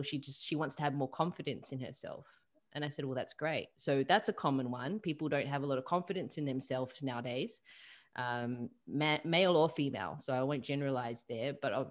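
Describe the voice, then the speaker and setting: A woman with a low voice talks as a guest over a video call. She works as a holistic coach and tells her stories in an animated way, acting out what her clients said. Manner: animated storyteller, acts out quoted clients.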